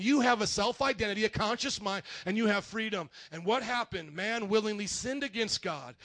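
A male pastor delivers a sermon in church, animated and joking as he speaks straight to his congregation. His voice sits very high for a man and rings bright. The sound is dry and close. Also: no room sound.

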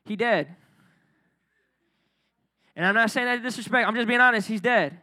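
A young man preaching a casual, energetic youth sermon, building up to near shouting at its peaks. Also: sits high, moderate pace.

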